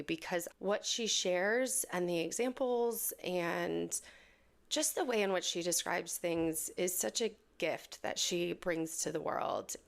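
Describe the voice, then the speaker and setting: A woman's voice: fairly low pitch, gravelly, clear, resonant tone. A woman hosting a podcast, chatting heartfelt and casually as she opens an episode. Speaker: podcast host.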